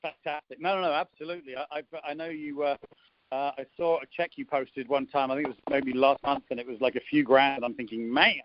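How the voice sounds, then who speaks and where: A man's voice: mid-range voice, steady tone, brisk, a little hiss or hum. A man in his fifties with an English accent, hosting a conference call interview in a chatty, teasing way with lots of ums. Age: 50s. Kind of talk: casual chat, jokey introduction. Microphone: phone line on a conference call. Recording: dull dry phone-line sound.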